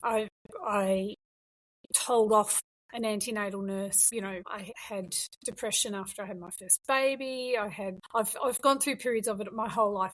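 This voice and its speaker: A woman's voice: mid-range voice, normal speed, rough recording. A middle-aged woman guest telling her story in a frank, emphatic way during an interview. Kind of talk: conversational interview.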